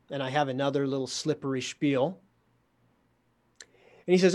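A man telling a story in casual talk, lively, sardonic and poking fun at himself. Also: medium pitch, normal speed, long pauses. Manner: lively, sardonic, self-mocking.

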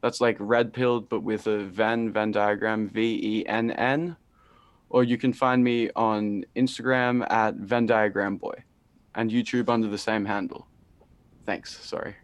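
A man's voice: fairly low pitch, fairly even intonation, measured pace. A man appearing as a podcast guest, chatting casually, joking and stumbling over his words.

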